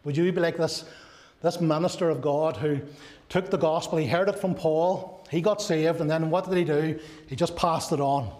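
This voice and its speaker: A male pastor preaching a sermon, earnest, with many rhetorical questions and a voice that drops soft and low on key phrases. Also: steady tone, normal speed.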